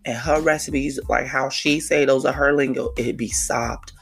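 A podcast host from New with a gravelly, croaky voice that sits at a middle pitch. The talk is a casual, hyped monologue packed with slang and quick shout-outs. Faint music plays underneath. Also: fairly even intonation. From New York City. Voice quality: croaky, frog-like voice.

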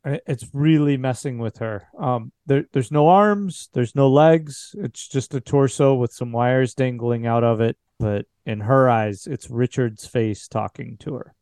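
A man narrating a tabletop horror game as game master, in a measured, descriptive way. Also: mid-range voice, darkish tone, clean tone, dry recording, clean studio sound.

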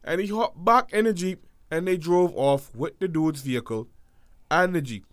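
A man casually telling a story, acting out quotes and swinging between hushed and loud. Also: on the high side, normal speed, no room sound, studio quality.

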